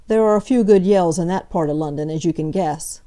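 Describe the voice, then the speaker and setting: A slow, stolid young detective, read by a woman in a low, mellow voice. He speaks plainly and deliberately, in working-class phrasing. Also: natural voice. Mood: earnest.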